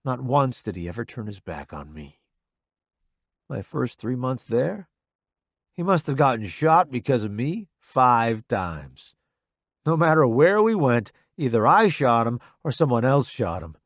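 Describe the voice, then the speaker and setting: A man narrating a first-person romance audiobook in an expressive, intimate way. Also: mid-range voice, unhurried, no room sound, studio quality.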